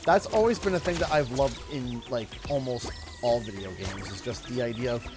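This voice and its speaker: A man from Canada hosting a gaming livestream, rambling with many fillers and restarts, getting loud and excited over donations. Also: mid-range voice, moderate pace, over music. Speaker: livestream host.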